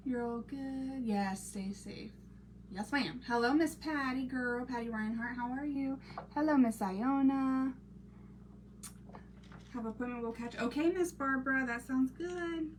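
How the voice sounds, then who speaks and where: A woman in her thirties hosting a casual crafting live stream, chatting and greeting viewers by name, sometimes dropping to a soft half-whisper while she works. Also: fairly high pitch, moderate pace. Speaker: crafting channel host. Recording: distant mic with noisy background.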